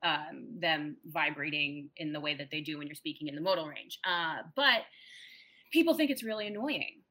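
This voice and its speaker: A woman's voice: low-pitched, normal speed, sharp tone. A young adult woman, a guest linguist, explaining things casually and patiently on a podcast, often adding "like" and "right?".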